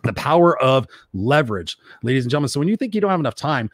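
A man's voice: mid-range voice, very animated, fast, few pauses, no echo, studio quality. A man hosting a motivational live stream, reading viewer comments and talking bluntly and profanely, repeating phrases for emphasis.

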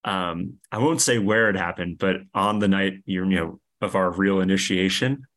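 A man's voice: moderate pace, a bit bright. A young man with a New York accent, chatting as a podcast guest with lots of fillers and restarts. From New York, USA. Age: young adult. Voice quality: deep. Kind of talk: casual interview chat.

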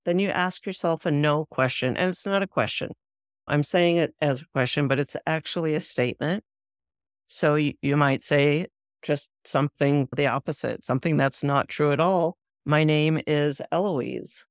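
Calm woman teaching spiritual practice. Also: low voice, no echo, clean studio sound. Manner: calm and deliberate, slowing down on key words. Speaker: spiritual podcast host. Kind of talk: instructional spiritual talk.

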